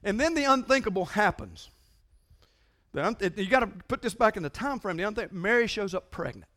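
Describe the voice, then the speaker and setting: High-voiced preacher man. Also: lively intonation, a little fast, bright, forceful tone. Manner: conversational, emphatic preaching with frequent repetition. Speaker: pastor. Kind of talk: sermon.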